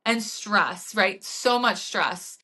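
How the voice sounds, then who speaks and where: A woman's voice: mid-range voice, slow, a crowd in the background. A woman fitness coach hosting a podcast, telling stories in casual chat with lots of "like" and acted-out quotes. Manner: animated storytelling with frequent "like" and acted-out quotes.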